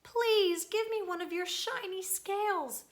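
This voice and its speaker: A woman voicing a small, eager male fish in a storybook, begging in a very high voice. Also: unhurried. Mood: pleading.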